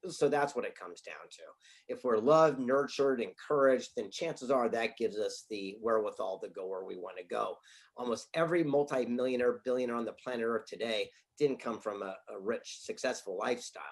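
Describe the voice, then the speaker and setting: A middle-aged man, a guest author and speaker, tells anecdotes in an interview. His mid-range voice is fairly quick with vocal fry, and he sometimes laughs through the punchlines.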